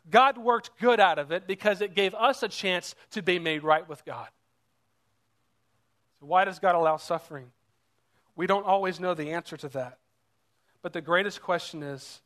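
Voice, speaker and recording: A man's voice: fairly high pitch, a bit bright. A man preaching a sermon as pastor, earnest and urging, repeating rhetorical questions to the congregation.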